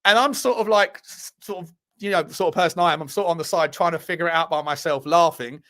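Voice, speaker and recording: A man with an English accent and a rather high voice hosts a live show. He chats loosely with viewers, swears without a second thought and laughs at himself. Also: quick pace, fairly bright tone. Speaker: host of a live fan show. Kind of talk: casual live-stream chat reacting to viewer messages.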